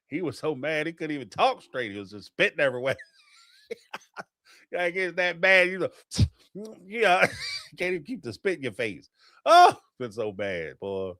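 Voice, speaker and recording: Animated, laughing male host. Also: mid-range voice, normal speed, no room sound, clean studio sound. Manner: animated, laughing, slangy, talks back to the people he discusses. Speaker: host reacting to listener voicemails. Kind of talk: casual reaction commentary.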